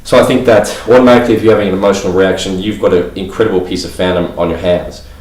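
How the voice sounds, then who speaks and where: Rambling low-voiced man in an echoey room. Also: fairly even intonation, very fast, a little mellow, a little hiss or hum. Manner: rambling, heavy fillers like "you know" and "like". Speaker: vlogger. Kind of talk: casual talk to camera. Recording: echoey room, voice a bit far from mic.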